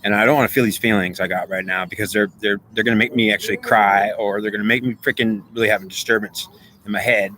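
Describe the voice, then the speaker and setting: A man's voice: on the low side, steady tone, quick pace, bright, forceful tone, slight background noise. A man in a rambling, emotional monologue, pleading with an unseen goddess in an agitated, repetitive way. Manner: addresses an unseen goddess directly.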